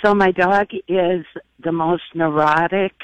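Slow-talking middle-aged woman caller. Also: on the low side, steady tone, clean tone, dull audio. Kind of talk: phone-in call.

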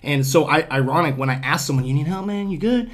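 A young man with a slightly raised voice tells a story in relaxed podcast chat. He is animated and acts out the other people's voices as he goes. He swears freely and keeps it loose and conversational. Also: a little high, fast. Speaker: podcast host.

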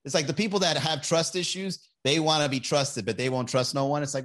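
A man's voice: a little high, fairly even intonation, a little fast, a bit bright. A man hosting a comedy podcast, chatting casually and reading viewer comments, profane and sarcastic, often laughing at his own jokes.

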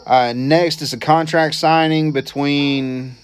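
A man's voice: a little high, fairly even intonation, slow, a little hiss or hum. Laid-back man running the match list. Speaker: podcast co-host. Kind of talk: casual wrestling recap chat.

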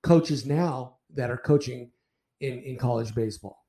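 A man's voice: mid-range voice, unhurried, a crowd in the background. Profane older man telling umpire stories. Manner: profane, animated anecdotes with repeated restarts. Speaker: retired baseball umpire. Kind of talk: casual storytelling in a podcast interview.

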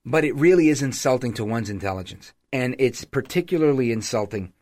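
A man talks through a political podcast monologue on his own, in a pitch squarely in the middle for a man. He keeps it animated and sarcastic, slipping into mocking voices as he acts out radio ads. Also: fairly quick. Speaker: podcast host.

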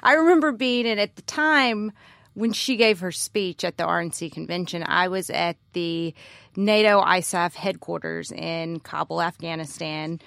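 Gravelly low-voiced woman interviewer. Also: fairly even intonation, a little slow, a bit bright, no room sound.

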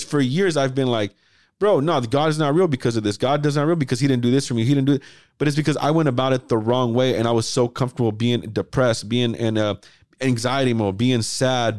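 A man hosts a casual podcast chat with a voice of medium pitch. He talks in an animated way, swears freely and acts out his old thoughts in quoted asides. The sound is dry and close. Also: no echo. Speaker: podcast host.

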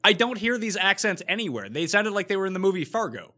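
A Canadian man hosts a casual podcast chat. His voice is fairly high and bright, and he talks in a rambling way, restarting his sentences. His pitch moves a lot as he talks. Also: big pitch swings, quick pace. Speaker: podcast host.

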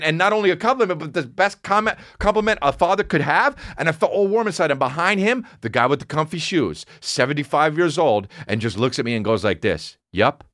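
Animated, foul-mouthed man telling a story. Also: sits high, dry recording, clean studio sound. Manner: profane, animated, swings between mumbling and shouting. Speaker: comedian. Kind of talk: casual storytelling.

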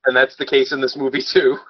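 A man's voice: mid-range voice, little pitch movement, moderate pace, dry recording, highs cut off. A man co-hosting a podcast, chatting casually about a film with a sardonic edge, swearing freely and laughing often. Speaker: podcast co-host. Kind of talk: casual movie review chat.

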